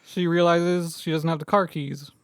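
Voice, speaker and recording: A man's voice: on the high side, steady tone, normal speed, clear, resonant tone, no echo, clean studio sound. A man co-hosting a podcast, recapping a movie with sarcastic jokes in casual chat. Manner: sarcastic, joking. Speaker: podcast co-host.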